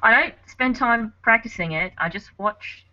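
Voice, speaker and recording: Co-host: tipsy woman, bright and forceful voice, teasing banter, dull lo-fi remote audio, dry sound. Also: a little high, moderate pace. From United States. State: tipsy from drinking. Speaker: podcast co-host. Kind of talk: casual chat. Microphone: remote call mic.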